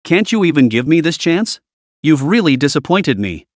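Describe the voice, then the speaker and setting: A man's voice: fairly high pitch, very animated, moderate pace, no room sound, studio quality. A man voicing a desperate, begging young woman. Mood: desperate pleading. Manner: begging, pleading.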